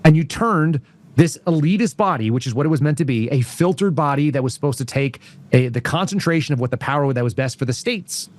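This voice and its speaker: A man talking as a guest on a casual political talk show, rambling through anecdotes in an animated way. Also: on the high side, fairly quick, no echo. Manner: rambling, animated storyteller with frequent laughs.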